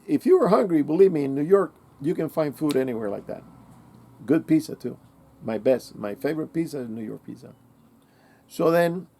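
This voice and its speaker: A man's voice: medium pitch, vocal fry, dark tone. A man in his sixties telling a personal story in a rambling, casual way, often correcting himself as he goes. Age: 60s. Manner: rambling, self-correcting, colloquial. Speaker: channel host.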